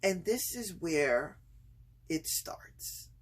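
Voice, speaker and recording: A woman recording a casual home vlog in an unhurried, drawn-out way, with a husky, breathy edge to her voice. She pauses often and fills gaps with fillers before bursting into excited storytelling. Her throat sounds a touch itchy from earlier screaming. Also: on the low side. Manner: hesitant, many pauses and fillers, turns excited and laughing when telling the story. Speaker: vlogger.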